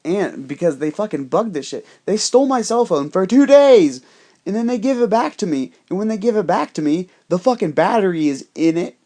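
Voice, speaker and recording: A man with a slightly higher-than-usual voice rambles through a story, swearing constantly. He talks in a loose, conspiratorial way. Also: animated, fairly quick, dark tone. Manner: rambling, heavily profane, conspiratorial. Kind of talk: casual storytelling monologue.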